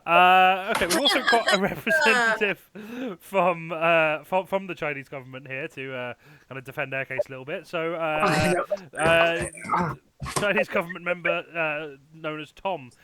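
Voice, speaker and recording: Bright-voiced man hosting a comedy panel. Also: a little high, normal speed. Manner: hesitant, many fillers, laughing.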